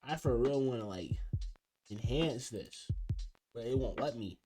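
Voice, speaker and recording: A man's voice: mid-range voice, lively intonation, measured pace. Rambling young man over background music. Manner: rambling, trailing off and restarting. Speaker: video creator ranking food. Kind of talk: casual commentary. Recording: music playing behind.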